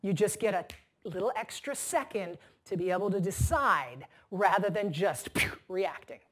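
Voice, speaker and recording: Delivering a keynote, a female motivational speaker uses a mid-range voice at a moderate pace. Her storytelling is animated, and she performs the quoted voices of the characters for her audience.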